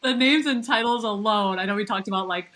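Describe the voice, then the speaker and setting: A woman's voice: mid-range voice, fairly quick, fairly bright tone, poor audio. A woman hosting a podcast interview, openly emotional and effusive, gushing thanks and praise at her guest. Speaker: podcast host. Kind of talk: interview conversation.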